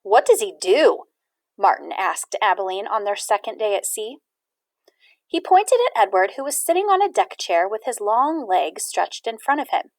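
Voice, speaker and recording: A woman reading a children's storybook aloud in an expressive, animated way. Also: mid-range voice, normal speed, no room sound. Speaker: audiobook reader.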